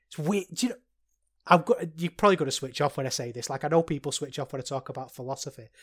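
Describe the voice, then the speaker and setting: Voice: medium pitch, animated, fast, a bit bright. A speaker giving a solo, casual wrestling match review in a rambling, chatty way with self-deprecating asides.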